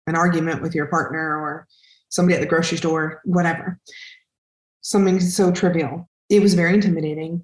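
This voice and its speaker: Emotional woman, lowish voice, roomy sound. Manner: emotional, animated storytelling with acted-out quotes. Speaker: podcast guest, actress and singer. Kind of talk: casual interview talk.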